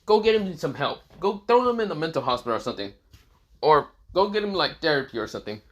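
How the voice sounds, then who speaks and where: A man's voice: a little high, big pitch swings, fast talker, lo-fi sound, voice pushed up. Man doing rude teen boy, crude, swearing, mocking, fan story reading. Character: brash rude teenage boy swordsman.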